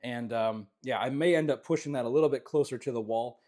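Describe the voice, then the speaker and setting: A man's voice: medium pitch, brisk. A man from Canada walks through his small home jewellery workshop and talks as he goes. His voice sits in an everyday middle range. He rambles, restarts and fills the gaps with "uh" and "um". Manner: relaxed, rambling, many fillers and restarts. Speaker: jewellery maker giving a studio tour. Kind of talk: casual walkthrough vlog.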